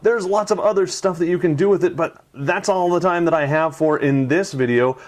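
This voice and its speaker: A man's voice: high-pitched, fairly quick. A man hosting a tech video, narrating a product demo in an enthusiastic, chatty way.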